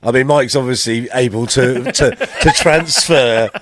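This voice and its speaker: A man's voice: mid-range voice, very animated, measured pace, a bit bright. A man co-hosting a podcast, easygoing and laughing as he guesses aloud. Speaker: podcast co-host. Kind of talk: casual podcast chat.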